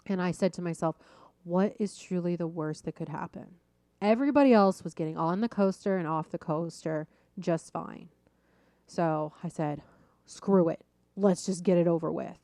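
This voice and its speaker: Lively self-mocking woman podcast host. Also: lowish voice, no room sound. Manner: lively, self-deprecating, laughs at herself. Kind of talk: personal storytelling monologue.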